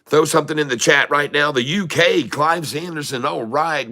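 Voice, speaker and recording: His voice sits on the higher side, bright and forceful, at a moderate pace. Running a live day-trading stream, the middle-aged man stays upbeat as he greets people, reads chat messages, and gets the audience excited.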